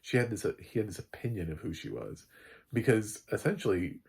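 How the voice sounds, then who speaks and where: A man giving a casual, rambling film recap, full of fillers and quick laughs. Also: on the low side, lively intonation, vocal fry, darkish tone, breathy edge. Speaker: film reviewer.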